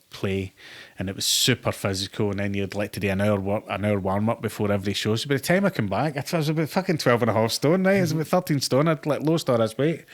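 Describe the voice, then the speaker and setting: A man's voice: fairly low pitch, fairly bright tone. A middle-aged Glaswegian man in a casual interview, an actor who tells stories full of swearing and acted-out quotes. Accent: Glasgow. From Scotland. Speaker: actor guest.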